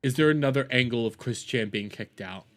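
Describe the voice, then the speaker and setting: A man's voice: medium pitch, brisk. A young man casually reacting to clips on a stream, crude and swearing, repeating his words as he goes.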